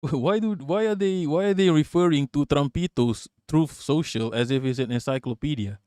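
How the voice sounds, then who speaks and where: A man's voice: fairly high pitch, moderate pace, darkish tone, clear, resonant tone, no room sound, studio quality. Profane, mocking male stream host. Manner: profane, mocking, chatting with viewers. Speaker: livestream host. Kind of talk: casual live-stream commentary.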